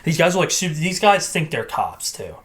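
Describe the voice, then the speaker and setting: Animated young man telling stories. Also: a little high, moderate pace. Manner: animated, swearing, laughing storyteller. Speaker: podcast host. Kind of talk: casual storytelling.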